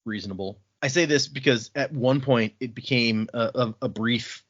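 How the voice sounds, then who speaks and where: Male podcast host, casual and rambling, average pitch, dry and somewhat dull recording. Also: moderate pace, a bit bright, no echo. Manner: chatty recap, frequent fillers. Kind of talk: casual book discussion.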